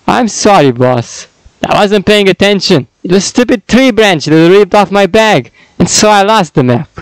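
A man's voice: sits high, lively intonation, moderate pace, smooth, no room sound, rough recording. A man voicing a dim-witted male zombie thief henchman, subservient and mumbling, read from a fan script. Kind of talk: reading fan dialogue aloud.

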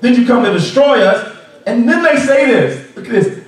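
A man's voice: very high voice, animated, normal speed. A man preaching a sermon as pastor, pressing his congregation with repeated rhetorical questions. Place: large church sanctuary. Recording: echoey sanctuary from far off.

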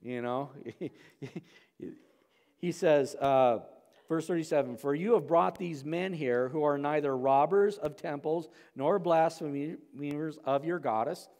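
A man's voice: fairly high pitch, takes it slowly, a little mellow. A man preaching a verse-by-verse sermon as pastor, talking casually with frequent "okay?" and "right?" asides. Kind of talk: expository sermon. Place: church sanctuary. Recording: long hall reverb.

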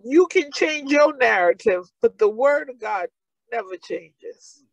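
A woman's voice: high-pitched, animated, measured pace, gravelly, dry recording, poor audio. A woman pastor with a New York accent, preaching a sermon with fervent, repeated calls.

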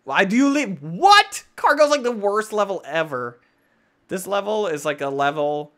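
A bright, energetic young man talking over his gameplay, his pitch jumping all over. He flips from yelling at other players to muttering under his breath. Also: normal speed. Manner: excitable, swings between loud outbursts and mutters. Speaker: gaming channel host. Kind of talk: gameplay commentary.

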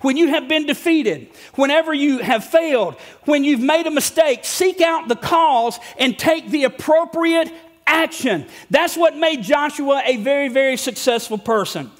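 A middle-aged man with a very high-pitched voice preaches to his congregation in a church. His delivery is folksy and joking, and he bursts into shouts to drive a point home. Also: expressive, unhurried. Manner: folksy and humorous, rising to shouts for emphasis. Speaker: pastor. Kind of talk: sermon. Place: church sanctuary before a congregation.

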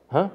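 A Buddhist teacher giving a Dharma lecture, playfully coaxing his class and switching between English and Vietnamese. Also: muffled recording. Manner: frequent laughter and repeated "yes, yes".

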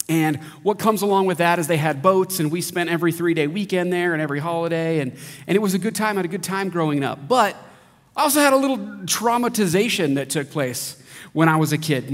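Joking pastor in his thirties, reverberant hall. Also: fairly high pitch. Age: 30s. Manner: lively joking storyteller, animated. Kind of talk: sermon with humorous storytelling. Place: large church hall.

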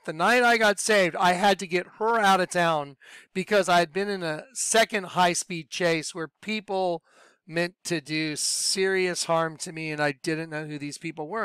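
A man telling his personal religious testimony in a lively storytelling way, acting out what he said back then. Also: high-pitched, clear, resonant tone, no echo, clean studio sound. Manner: animated storyteller, acts out his own past voice. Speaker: speaker sharing a religious testimony.

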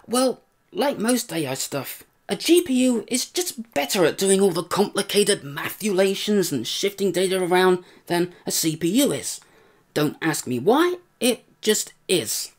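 A man giving a casual, self-deprecating software tutorial through an AI voice changer. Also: sits high. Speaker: tutorial host.

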